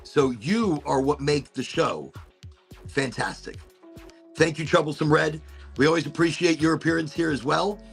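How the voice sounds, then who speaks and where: A man's voice: on the high side, normal speed, vocal fry, fairly bright tone, soft background music. A male host running a casual livestream chat show, rambling playfully and swearing freely.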